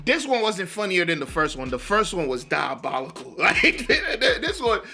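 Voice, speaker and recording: A man's voice: high voice, big pitch swings, normal speed, creaky, pushed and bright. A man hosting a reaction video, talking in a laid-back, slangy way with laughing asides. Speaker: reaction channel host. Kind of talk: casual reaction commentary.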